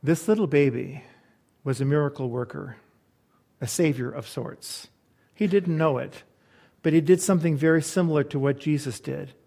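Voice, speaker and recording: A man preaching a sermon, telling a story slowly and earnestly, then softening into quiet reflection. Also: a little high, creaky. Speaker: pastor. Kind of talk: sermon with a read-aloud story.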